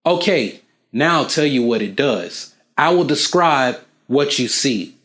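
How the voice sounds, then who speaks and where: A man hosting a casual explainer video, talking straight to the viewer in an animated way and acting out small dialogues. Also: a little high, unhurried. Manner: animated, acts out little back-and-forth dialogues; asks the viewer questions. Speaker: video host.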